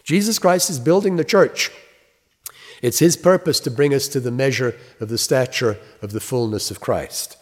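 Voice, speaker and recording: A man with a medium-pitched voice preaches a sermon, reading scripture slowly and emphatically before explaining it in plain, conversational terms. The recording has a long reverb.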